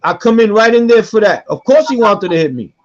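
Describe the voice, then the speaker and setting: A middle-aged man tells a story on a podcast, keeping it lively and playing every voice in it himself. His voice sits high for a man, and the recording sounds dull and lo-fi. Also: brisk, crowd noise. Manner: animated, acts out quoted voices, repeats himself. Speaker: guest storyteller.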